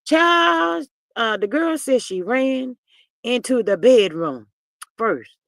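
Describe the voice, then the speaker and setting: Animated woman gossiping on stream. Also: fairly high pitch, slow pace, creaky, no room sound. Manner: animated, folksy storytelling, reading chat aloud. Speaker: livestream host. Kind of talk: casual gossip livestream.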